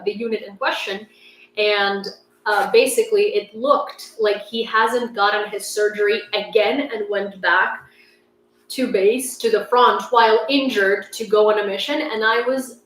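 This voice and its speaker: A young Ukrainian woman hosts a casual news livestream, rambling along and saying "like" constantly. Her mid-range voice is a bit bright, with slight background noise. The mic sits at a distance, giving a roomy sound with faint ambience.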